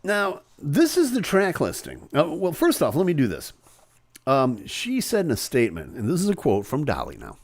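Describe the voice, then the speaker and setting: A man's voice: on the low side, wildly swooping pitch, dry recording. A male host in casual live-stream chat, reading comments and talking with many fillers and restarts. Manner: chatty, halting with fillers and restarts.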